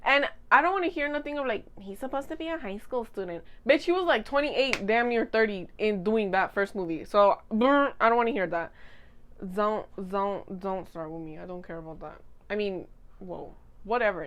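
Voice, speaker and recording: A woman's voice: medium pitch, expressive, moderate pace. A young woman chatting casually into a desk mic at home, giggly and gushing as she rambles. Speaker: vlogger. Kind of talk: casual chat.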